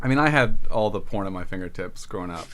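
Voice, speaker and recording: A man's voice: low voice, animated, fast, a bit bright, a little hiss or hum. A man co-hosting a casual comedy chat, answering with dry, teasing banter. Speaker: podcast co-host.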